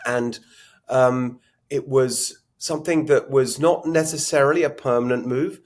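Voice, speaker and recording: A man's voice: medium pitch, steady tone, unhurried. A middle-aged man from England with an English accent, speaking as a guest in a conversational interview, reflective and chatty with frequent restarts. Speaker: political guest.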